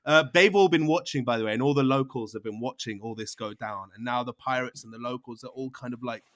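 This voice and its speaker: A man's voice: mid-range voice, fast, fairly bright tone. A man narrating as game master, rambling with fillers and restarts. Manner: rambling, lots of fillers and restarts, laughs along.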